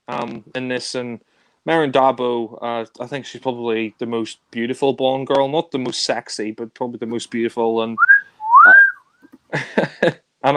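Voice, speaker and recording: A man's voice: medium pitch, sharp tone, clean tone, no room sound. Man, chatty film discussion, lots of fillers, resonant voice, dry recording. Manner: rambling, many fillers and restarts, laughs often. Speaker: film reviewer.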